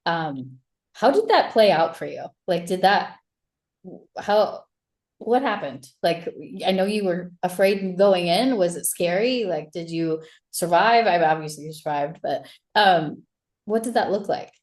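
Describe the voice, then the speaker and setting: Lowish-voiced woman interviewer asking questions. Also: lively intonation, unhurried. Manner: rambling, many fillers and restarts, encouraging questions. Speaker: interviewer and retreat host. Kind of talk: casual interview.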